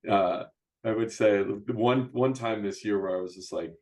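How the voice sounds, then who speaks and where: Middle-aged male host, low voice, loose conversational delivery full of restarts. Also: normal speed, a little mellow. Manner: rambling, frequent restarts and "you know, right?" tags. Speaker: podcast host and youth basketball coach. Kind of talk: casual interview chat.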